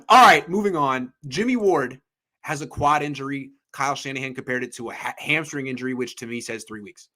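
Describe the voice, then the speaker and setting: A man hosting a casual sports podcast, talking in an animated, jokey way that often trails off and restarts. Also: medium pitch, a little fast.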